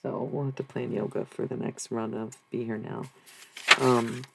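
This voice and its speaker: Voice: medium pitch, fairly even intonation, normal speed, gravelly, sharp tone, husky, low-quality recording. A live streamer in casual, rambling talk with viewers, swearing freely and answering chat. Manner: rambling, profane, talks back to chat.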